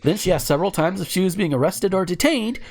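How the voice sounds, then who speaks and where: A man's voice: high voice, animated, fast talker, darkish tone. A man hosting a podcast, reading news stories aloud and breaking off into profane, sarcastic rants. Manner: ranting, profane, sarcastic asides. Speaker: podcast host.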